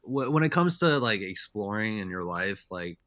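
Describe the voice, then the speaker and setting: A man's voice: lowish voice, sing-song, moderate pace, fairly bright tone, no room sound, studio quality. A man, a podcast guest, telling stories in a loose, rambling, casual way. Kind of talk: casual storytelling chat.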